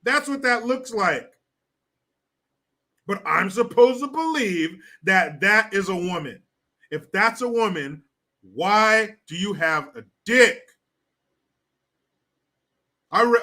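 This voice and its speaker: A man's voice: sits high, sharp tone. A man hosting a casual livestream, reading viewer comments in a crude, mocking way and laughing often.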